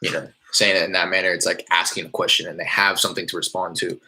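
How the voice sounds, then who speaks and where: A man casually explaining how he makes cold calls, in a loose, rambling way with many fillers, from a small warm room. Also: low voice, flat delivery, fast, breathy edge. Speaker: real estate wholesaler teaching cold calling. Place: small hot indoor room.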